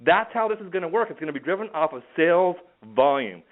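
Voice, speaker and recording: A man giving a driven, rapid business pitch on a conference call, teasing upcoming news. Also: expressive. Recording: tinny phone-line audio.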